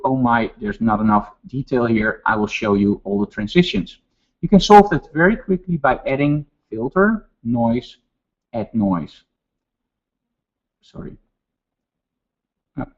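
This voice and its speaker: A man with a Dutch accent teaching photo retouching step by step in a webinar, with relaxed asides. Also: fairly high pitch, dull audio. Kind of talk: software tutorial webinar.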